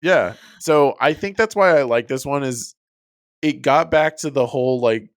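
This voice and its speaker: A man's voice: medium pitch, a little slow. A man with a mid-range voice co-hosts a casual film chat. He sounds laid-back, swears easily, and argues his opinion at length. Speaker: podcast co-host.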